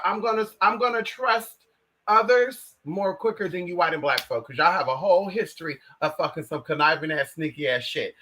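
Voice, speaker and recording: An American woman vlogging in casual chat, brash and profane, swinging between loud outbursts and low asides. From United States. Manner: brash, profane, addresses viewers as girl and bitch.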